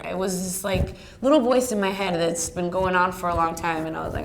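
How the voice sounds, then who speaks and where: An actress chatting about her work in an interview, telling stories in a lively way with plenty of fillers and laughs. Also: fairly low pitch, a little fast, few pauses, a little hiss or hum. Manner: chatty, animated storyteller with many fillers and laughs. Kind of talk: casual storytelling interview.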